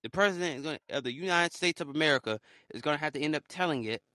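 A young man talking casually in a rambling solo monologue, swinging between low mutters and loud excited outbursts. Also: very fast, no echo, clean studio sound. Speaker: podcaster.

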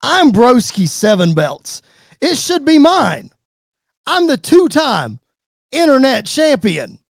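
A man putting on a boastful male wrestler who shouts and brags about his titles. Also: very high voice, huge pitch swings, slow pace, gravelly, no room sound, studio quality, pitched above the performer's own voice, exaggerated voice.

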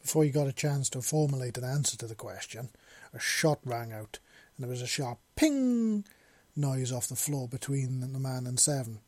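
Brief: male storyteller, dark husky voice, dry close sound. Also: medium pitch, moderate pace, no room sound. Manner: plain steady reading with small slips. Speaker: narrator. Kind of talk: reading fan fiction aloud.

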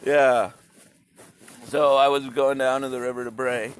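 A man's voice: mid-range voice, flat delivery, fairly quick, slight background noise. A man talking in a rambling, profane philosophical monologue, repeating his phrases as he goes.

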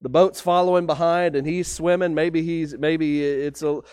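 Pastor, light high voice, storytelling sermon, dry recording. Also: male voice, fairly even intonation, moderate pace, a little mellow, no room sound. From Texas. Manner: conversational storytelling preaching.

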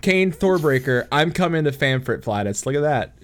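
A man's voice: fairly high pitch, expressive, moderate pace. A man from the United States hosting a casual podcast chat, joking and laughing often, with plenty of restarts. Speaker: podcast host.

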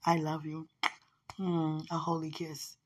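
A woman with a slightly hoarse voice, speaking a tender, rambling personal message to someone she loves. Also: low voice, completely flat delivery, slow pace. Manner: tender, rambling, with frequent "you know" and soft laughs. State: a little hoarse. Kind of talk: intimate spoken message to a loved one.

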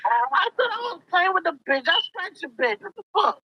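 Drunk, rambling high-voiced woman. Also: sing-song, brisk, a little hiss or hum, rough recording. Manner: drunk, loud and rambling with profanity. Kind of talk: casual chat, recorded call.

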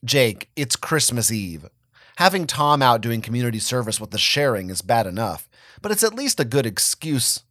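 A man's voice: medium pitch, sing-song, normal speed, a bit bright, no echo, clean studio sound. A man voicing a stern, house-proud middle-aged mother who nags and scolds, in a storybook reading. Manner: scolding, nagging.

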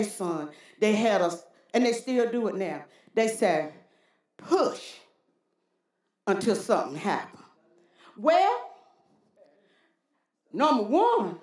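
In a reverberant setting, a high-voiced woman pastor preaches her sermon. Folksy and call-and-response in manner, she repeatedly calls "Huh?" out to the congregation.

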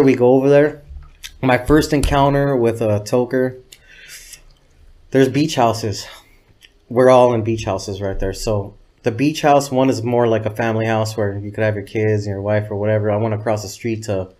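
A man's voice: mid-range voice, steady tone, brisk, warm tone. A man telling loose, profane anecdotes as an interview guest. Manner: profane, loose, rambling anecdotes with quoted dialogue. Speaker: guest, videographer. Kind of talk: casual interview storytelling.

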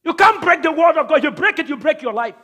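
A man preaching as pastor at a church service, calling out to the congregation with repeated phrases, then shouting prayers. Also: extremely high pitch, animated, quick pace. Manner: repetitive, calls out to the congregation. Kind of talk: sermon and prayer.

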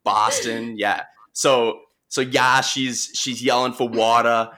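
A young man with a Long Island accent, telling a work story in a relaxed, chatty way, with lots of restarts and fillers. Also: medium pitch, takes it slowly. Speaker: marine mammal responder. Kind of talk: casual storytelling conversation.

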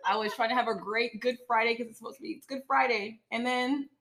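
A woman telling an annoying story in a fast, exasperated, comic way. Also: fairly high pitch, fairly even intonation, fairly bright tone. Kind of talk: casual storytelling.

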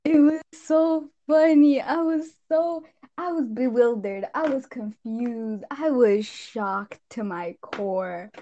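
A woman's voice: on the high side, slow, muffled recording. A young woman in casual chat, telling game stories with lots of laughter and animation. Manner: animated storytelling, frequent laughter.

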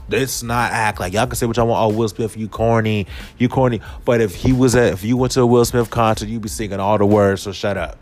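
A man hosting a podcast, ranting in a casual, comedic way, swinging his voice up and down. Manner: animated, swings pitch and volume, drops to a low put-on voice at times. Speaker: podcast host.

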